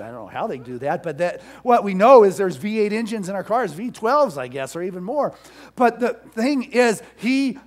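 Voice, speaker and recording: A middle-aged male pastor giving a storytelling sermon, dropping to soft asides and rising to loud, emphatic peaks. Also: on the high side.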